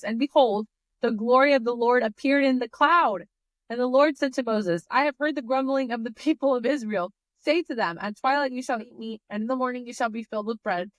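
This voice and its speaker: A woman's voice: fairly high pitch, no echo. Young woman doing casual bible reading, sassy side comments, dry close mic. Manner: reads scripture then reacts with chatty, sarcastic asides. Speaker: Bible study host.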